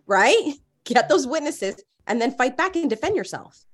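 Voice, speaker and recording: A woman hosting a parenting talk show, chatty and quick to laugh. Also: high-pitched, very animated. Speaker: host. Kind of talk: casual chat.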